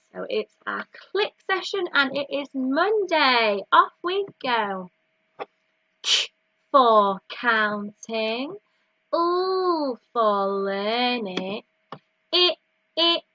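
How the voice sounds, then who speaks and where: Bright, slow-speaking Northern English teacher. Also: female voice, high voice, dry recording, dull audio. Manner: slow, clear, encouraging teacher talk with counting chants. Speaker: reception class teacher. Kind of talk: remote maths lesson for young children.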